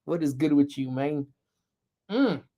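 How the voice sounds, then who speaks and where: A middle-aged man hosting a casual lunchtime livestream, chatting loosely and slipping into playful, animated slang riffs. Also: fairly high pitch, unhurried. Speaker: livestream host. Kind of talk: casual live chat.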